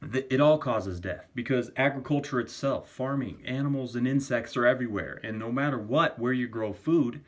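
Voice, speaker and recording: A man's voice: mid-range voice, normal speed, hardly any pauses. A man ranting in a casual vlog, arguing for a vegan diet, swearing often and repeating himself. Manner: profane, argumentative, repetitive. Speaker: vegan vlogger.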